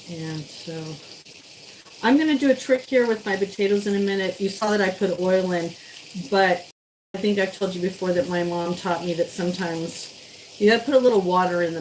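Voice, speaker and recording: A woman's voice: fairly low pitch, a little hiss or hum, rough recording. A woman chatting to her viewers while she cooks on a live stream, sometimes stepping away from the mic. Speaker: live-stream cooking host. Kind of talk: casual live-stream cooking chat.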